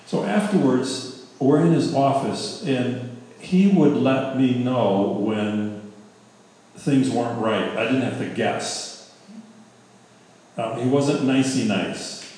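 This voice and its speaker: A middle-aged male pastor telling a story in a sermon, in a conversational, animated way, correcting himself as he goes. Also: mid-range voice, slow. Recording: very echoey hall, speaker far from mic.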